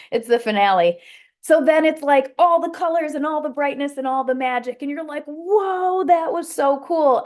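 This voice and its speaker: A woman who leads a sales team, giving a casual motivational coaching talk. She rambles in a chatty way, full of fillers and restarts. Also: mid-range voice. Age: adult with a child.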